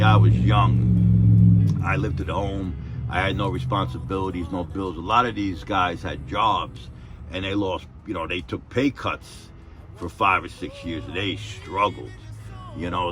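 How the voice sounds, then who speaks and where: A man's voice: sits low, a bit bright. A man telling rambling, profane stories about his old job. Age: 50s. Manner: rambling, profane, repeats "and everything". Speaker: retired electrician telling stories. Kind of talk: casual storytelling.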